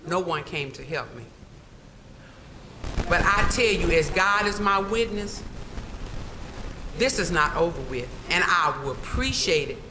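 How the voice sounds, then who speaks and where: A woman's voice: low voice, background noise. Emphatic woman at a meeting. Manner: emphatic, storytelling, repeats key phrases. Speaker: public commenter, former employee. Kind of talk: impassioned public comment at a board meeting.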